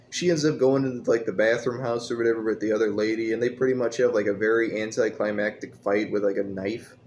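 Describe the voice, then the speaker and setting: A man's voice: fairly low pitch, a little mellow, a little hiss or hum. A man reviewing a movie in a casual, profane, scornful rant full of rambling asides.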